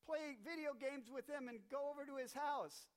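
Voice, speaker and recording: An eager little boy with a high, gushing childlike voice, as a man puts him on. He sounds earnest and affectionate, telling his mother how much he loves her in a children's sermon story. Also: normal speed.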